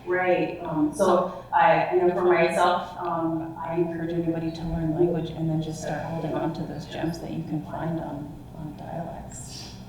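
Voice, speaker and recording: A woman's voice: low-pitched, flat delivery, moderate pace, a little mellow, slight background noise. A woman presenter giving a reflective, personal account to a listening audience, often searching for words. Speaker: language team presenter. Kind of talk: public talk with audience questions. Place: museum talk room. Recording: echoey room, far from mic.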